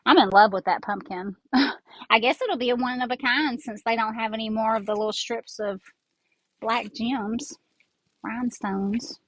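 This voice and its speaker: A woman's voice: a little high, a little slow, no room sound, low-quality recording. Chatty Southern woman with a twang. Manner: chatty, rambling, talks while working with her hands. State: congested from sinuses. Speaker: craft host. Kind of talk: casual craft tutorial chat. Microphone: earbud mic.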